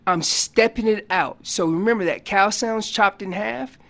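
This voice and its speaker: A man guest on a radio show explaining hunting calls in a casual, animated way, acting out what the animals are saying. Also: sits high, a little slow, creaky. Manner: loose casual grammar. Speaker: elk calling champion guest. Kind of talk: instructional radio interview.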